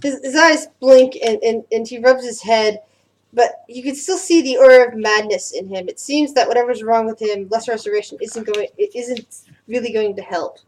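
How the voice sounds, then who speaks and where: A woman narrating as game master of a tabletop game, casual and halting. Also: fairly high pitch. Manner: casual, hesitant narration with fillers.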